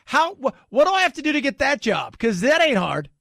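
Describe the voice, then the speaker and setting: A man's voice: very high voice, sing-song, brisk, vocal fry, fairly bright tone, no echo, clean studio sound. A man hosting a talk radio show, joking and sarcastic in a rambling commentary.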